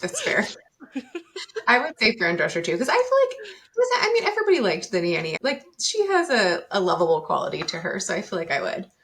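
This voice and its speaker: A woman's voice: mid-range voice, wildly swooping pitch, fairly quick, fairly bright tone. A woman psychologist, a guest on a podcast, explaining her work in a thoughtful, casual way with many fillers and restarts.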